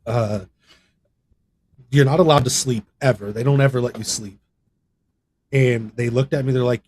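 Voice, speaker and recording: A man talks casually as a podcast guest, winding through a story with many fillers and self-corrections. His voice sits at an ordinary middle pitch. A faint background hiss sits under the recording. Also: fairly even intonation, moderate pace, pauses often, darkish tone. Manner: rambling, conversational, with many fillers and restarts; voice rises sharply when reenacting others. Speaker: podcast guest, gaming content creator.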